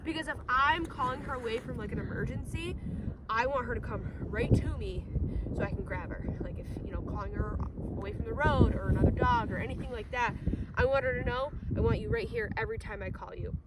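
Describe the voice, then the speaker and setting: A woman's voice: a little high, brisk. A woman dog trainer explaining a training demonstration outdoors in an upbeat, chatty way. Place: outdoors in a field. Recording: loud wind noise, distant outdoor mic.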